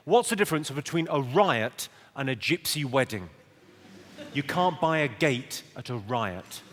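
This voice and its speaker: A man with a southern English home-counties accent doing live stand-up, trading banter with the audience and landing deadpan punchlines. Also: mid-range voice, unhurried. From England. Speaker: stand-up comedian. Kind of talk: live stand-up crowd work. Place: stage before a live audience. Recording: live show with loud crowd and noise.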